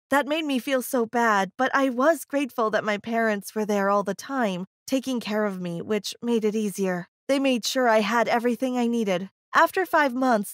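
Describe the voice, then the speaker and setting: A woman narrating a first-person story in an earnest, steady way. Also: a little high, dry recording, studio quality.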